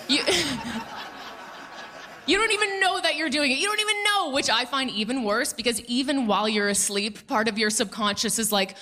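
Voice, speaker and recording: A woman in her thirties works a comedy club stage on a handheld mic, her voice bright and a touch high. She tells stories with playful, animated energy, dropping into mock voices for the people in them. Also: normal speed. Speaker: stand-up comedian. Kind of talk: stand-up comedy set.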